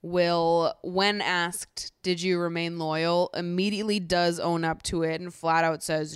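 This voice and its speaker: A woman hosting a casual podcast, recapping a reality show in an animated, exasperated way with frequent swearing. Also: fairly low pitch, measured pace, hardly any pauses, clean tone, dry recording, studio quality. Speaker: podcast host.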